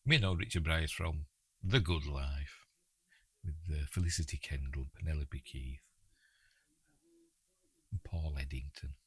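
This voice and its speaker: A man with a Yorkshire accent hosting a casual film commentary, chatty and quick to laugh, often restarting his sentences. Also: rumbling low, breathy edge.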